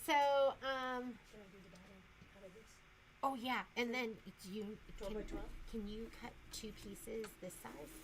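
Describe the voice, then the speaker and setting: A woman's voice: on the high side, takes it slowly, pauses often, noisy background. A woman hosting a sewing shop video, chatting enthusiastically and casually about quilting and machine features.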